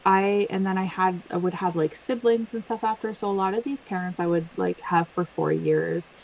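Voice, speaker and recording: A woman from Canada, an author being interviewed, telling lively family stories in casual chat. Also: medium pitch, moderate pace, creaky, rough recording. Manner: animated storytelling with frequent laughs. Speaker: author guest. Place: home, on a yoga wall.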